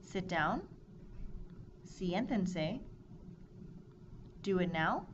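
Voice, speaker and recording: A woman with a slightly low voice teaches Spanish grammar in a measured, scripted lesson, reading out verb forms one after another. The recording is dull and lo-fi. A steady noise sits clearly behind her.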